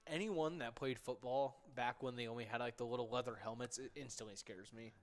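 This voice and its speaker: A man's voice: mid-range voice, fairly even intonation, brisk, long reverb tail. A man co-hosting a livestream, chatting casually and reacting with short asides. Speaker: co-host. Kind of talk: casual chat.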